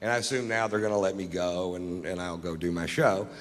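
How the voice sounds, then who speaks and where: A man doing a stand-up set, telling a long story in a drawling, deadpan, profane way. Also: low voice, a little fast, long reverb tail. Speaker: stand-up comedian. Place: comedy stage.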